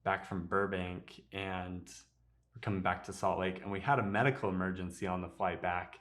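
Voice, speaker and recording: A man, an airline pilot hosting a podcast, telling stories in a relaxed, casual way with easy laughs. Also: low-pitched, moderate pace. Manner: relaxed, laughs easily, filler-heavy. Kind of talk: casual conversational storytelling.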